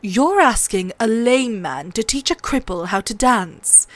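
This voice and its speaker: A woman reading aloud, voicing a witty, sharp-tongued small nobleman with a dry, wry delivery. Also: on the high side, animated, unhurried, no room sound.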